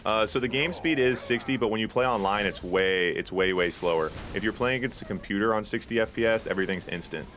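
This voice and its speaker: A man casting an online strategy game tournament, casual and chatty, climbing higher and louder when the action heats up. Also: quick pace, few pauses. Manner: excitable, rises sharply in pitch at big plays; casual, chatty with filler words. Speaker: tournament caster. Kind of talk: esports play-by-play commentary.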